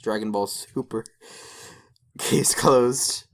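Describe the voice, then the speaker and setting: A man's voice: fairly low pitch, drawn-out words. A man co-hosting a casual podcast, swearing freely and joking around as he runs through a list. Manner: animated, swears casually, salty jokes. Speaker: podcast co-host.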